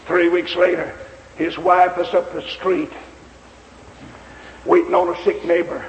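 A male preacher tells a story in a high, gravelly voice with a folksy, emphatic delivery. The sermon rings through a large, echoing hall with a long reverb tail and a faint hiss in the background. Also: level tone, unhurried. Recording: echoey hall, faint noise.

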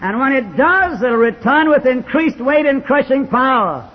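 Brief: pastor, husky, high-pitched delivery, dull archival sound, long hall reverb. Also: male voice, animated, moderate pace. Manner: fiery Southern preaching cadence, rising to shouts. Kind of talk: sermon.

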